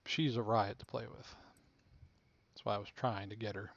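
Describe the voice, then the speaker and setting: A man's voice: on the low side, fairly even intonation, moderate pace, muffled recording. A man talking casually to himself while playing a video game, laid-back and muttering. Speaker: game streamer. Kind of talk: casual gameplay commentary.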